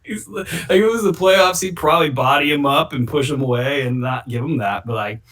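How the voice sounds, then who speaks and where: A man's voice: a little high, brisk, a bit bright. A man hosting a casual sports chat, opinionated and rambling, given to hot takes. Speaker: host.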